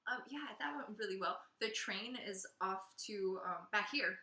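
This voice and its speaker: A bright, sharp-voiced woman hosts a relaxed podcast chat, upbeat and quick to giggle. She jumps in to finish her partner's sentences. Her voice rings in an echoey room. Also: medium pitch. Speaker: podcast host. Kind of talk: casual chat.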